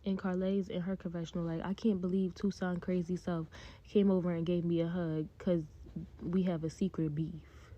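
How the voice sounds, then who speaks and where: A woman's voice: fairly low pitch, level tone, moderate pace, warm tone. A woman casually recapping a reality show, chatty and blunt with her opinions. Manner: chatty, blunt opinions, acts out cast quotes. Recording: dull lo-fi sound.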